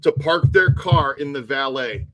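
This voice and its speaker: A man's voice: mid-range voice, unhurried, fairly bright tone, rough recording. A man hosting a live stream, ranting animatedly in casual chat and swearing often. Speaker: tour guide and live stream host.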